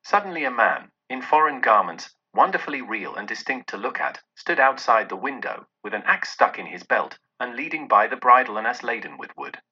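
A man's voice: medium pitch, brisk, hardly any pauses, husky. A man expressively narrating a classic novel aloud. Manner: expressive storytelling. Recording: dull lo-fi audio.

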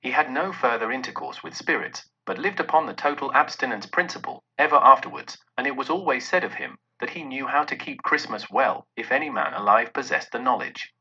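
A man narrates a storybook with expressive drama. His pitch rises and falls a lot over a bright, husky tone. The recording sounds dull and lo-fi. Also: brisk, hardly any pauses. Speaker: reader.

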